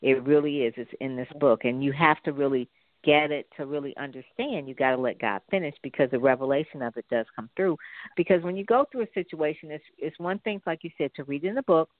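A woman's voice: sits low, brisk, no echo. Woman testifying over a tinny phone line. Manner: lively storyteller, repeats her points for emphasis. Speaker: author and interview guest. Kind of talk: faith testimony in an interview.

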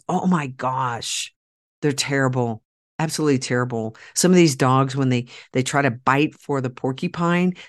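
A woman hosting a podcast, talking straight to her listeners in a persuasive monologue, emphatic and repeating key phrases for force. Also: very deep voice. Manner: direct address to listeners, rallying tone. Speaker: podcast host.

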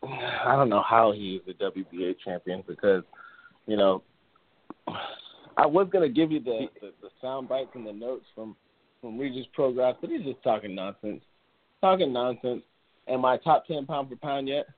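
A man's voice: medium pitch, normal speed. Rambling man on a tinny line. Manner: rambling, laughs often, many restarts. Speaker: boxing podcast host. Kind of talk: casual sports talk. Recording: tinny phone-like audio.

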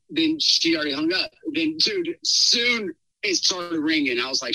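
A middle-aged man recounts a story as a podcast guest, rambling and animated. His voice is gravelly and very bright, swinging widely in pitch. The sound is dry and close. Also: brisk, dry recording, low-quality recording. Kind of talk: casual storytelling chat.

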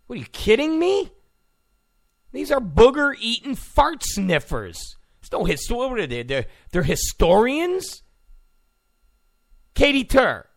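A man's voice: high voice, vocal fry, a bit bright. A man ranting sarcastically as a political commentator, mocking and full of insults.

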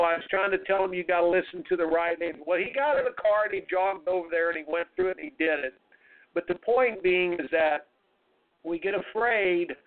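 A man hosting a radio talk show, telling stories in an emphatic, folksy, motivational way. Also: high-pitched. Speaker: radio show host and tennis coach. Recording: narrow phone-like radio sound.

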